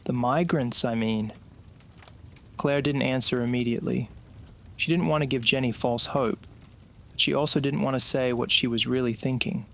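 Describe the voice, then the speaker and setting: A man narrating a scripted horror story in a slow, suspenseful way. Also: medium pitch, steady tone, gravelly, a bit bright.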